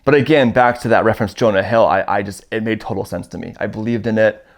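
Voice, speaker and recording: A man's voice: lowish voice, fast talker. A man from Canada in his thirties, telling a casual first-person story and acting out the dialogue in it. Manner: animated, acts out quoted dialogue in his stories. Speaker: storyteller guest.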